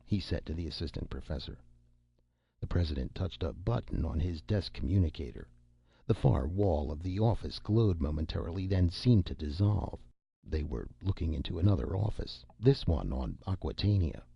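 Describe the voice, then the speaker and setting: A man narrating an audiobook in a measured, steady reading style. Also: low-pitched, gravelly, husky, dry recording. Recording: dull lo-fi recording.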